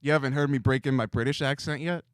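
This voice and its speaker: A man's voice: medium pitch, fairly even intonation, fast talker, dry recording. A male co-host in a casual sports chat, talking eagerly with lots of filler words.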